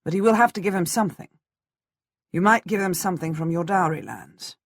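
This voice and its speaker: A woman reading an audiobook, voicing a blunt, matter-of-fact middle-aged nobleman, the heroine's husband, with a husky voice. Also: fairly low pitch, a little fast, dry recording.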